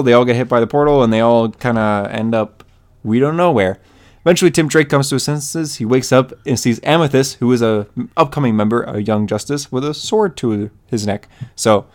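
A man co-hosting a podcast, eagerly recapping a comic issue and playing out the characters' lines in a raised voice. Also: clear, resonant tone. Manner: excited retelling, acts out character lines in a higher voice. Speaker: podcast co-host. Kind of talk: casual comic book chat.

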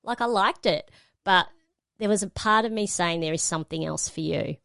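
A woman's voice: on the low side, normal speed, gravelly, a bit bright, no room sound, studio quality. A middle-aged woman, a radio presenter telling a personal story as a guest and acting out the quoted lines. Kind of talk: storytelling in a panel conversation.

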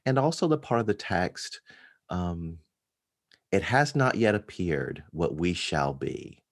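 A deep, low-pitched man speaking as a pastor in relaxed conversation. He reflects slowly, filling pauses with ums, then lifts his voice when a point matters to him. His speech has a calm, unhurried, searching quality. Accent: African American. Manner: thoughtful, pausing with many ums, rising with emphasis. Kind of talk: casual conversation about preaching.

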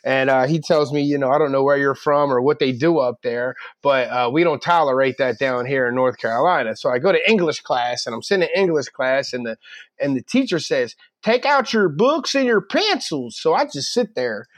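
A man's voice: mid-range voice, fairly quick, no room sound. A man from the northern United States, a podcast co-host telling a story in casual chat and acting out the people he quotes.

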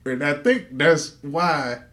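A man's voice: fairly high pitch, big pitch swings, slow pace, pushed and bright. A man co-hosting a podcast, telling a story in casual, profane speech, often laughing and acting out the people in it. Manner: profane, laughing, acts out dialogue. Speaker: podcast co-host.

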